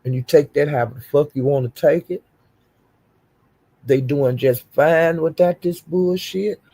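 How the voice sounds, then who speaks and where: A woman's voice: low voice, measured pace, mellow, slightly rough. An older woman streaming to her channel, ranting in a profane, confrontational, defiant way. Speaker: YouTube streamer. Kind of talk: livestream rant.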